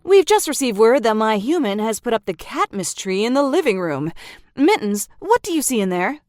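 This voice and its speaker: A dry, composed female cat anchor, voiced by a woman in an audio comedy. She reads the news in a slightly high, lively voice. Close, dry recording. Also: normal speed, no room sound. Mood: deadpan. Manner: newsreader delivery, deadpan.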